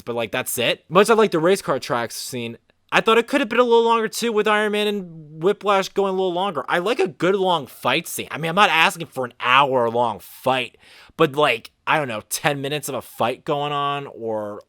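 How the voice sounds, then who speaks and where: A man co-hosting a casual movie review, rambling and repeating himself, getting louder and higher as he gets worked up. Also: dry recording, clean studio sound. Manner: rambling, repeats words, rises in pitch and volume when animated.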